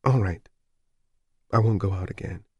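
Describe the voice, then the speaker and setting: A man's voice: low-pitched, moderate pace, breathy edge, no echo, muffled recording. A man reading an audiobook voices a frightened, worn-out young mother who sounds wary and anxious on the phone.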